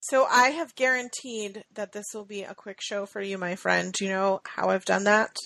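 A woman co-hosts a podcast in easy, casual chat, laughing often and trailing off with fillers. Her voice sits in a middle pitch. The sound is dry and close to the mic. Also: steady tone, normal speed, vocal fry, a bit bright, dry recording. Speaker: podcast co-host.

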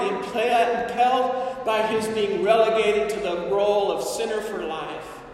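A man preaching a sermon as a priest, acting out pleas in the first person with dramatic feeling. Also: high voice. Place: large church. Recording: distant mic, echoey church hall.

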